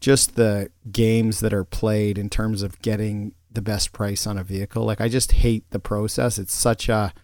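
A podcast co-host speaks at normal speed with hardly any pauses, his voice on the low side, a little mellow, and showing little pitch movement. He rambles casually, restarting often and using many fillers. The studio-quality recording has no room sound.

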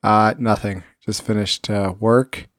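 A man with a fairly low voice co-hosts a casual podcast. He answers in short, laid-back bits. The sound is dry and close to the mic. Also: little pitch movement, measured pace, dry recording. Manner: brief, laid-back replies. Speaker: podcast co-host.

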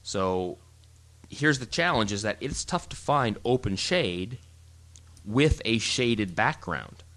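A man with a somewhat low voice talks through his photo shoots in casual podcast chat. He explains in an animated, rambling way, often restarting sentences. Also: takes it slowly.

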